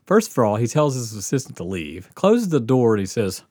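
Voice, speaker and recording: Husky-voiced man telling a wild story. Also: mid-range voice, brisk, few pauses, no room sound, studio quality. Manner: animated, profane, laughing through his story. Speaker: comedy podcast host. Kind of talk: casual storytelling chat.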